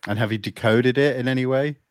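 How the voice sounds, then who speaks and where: A man's voice: mid-range voice, fast talker, no room sound, studio quality. A man hosting a casual interview, asking questions hesitantly with many fillers and false starts. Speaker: podcast host.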